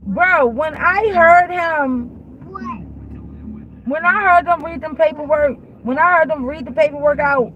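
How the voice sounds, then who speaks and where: A woman's voice: high-pitched, unhurried, dull audio. A woman telling a heated, profane storytime rant while in her car, repeating herself. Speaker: vlogger. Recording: car noise behind voice.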